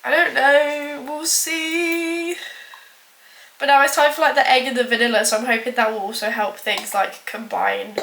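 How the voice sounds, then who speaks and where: A young woman, a baking vlogger, chats casually while baking in her home kitchen, rambling, poking fun at herself and using lots of filler words. Her voice is fairly high, steady, a bit bright and creaky, and she talks fast with few pauses. The kitchen is echoey with clattering dishes, and there's a little hiss or hum.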